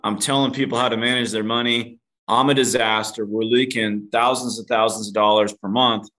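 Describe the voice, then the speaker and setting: Fairly quick and flat in delivery, a man with a mid-range, slightly bright voice talks through a personal story as a podcast guest. He teases himself, swears casually, and calls the host "dude."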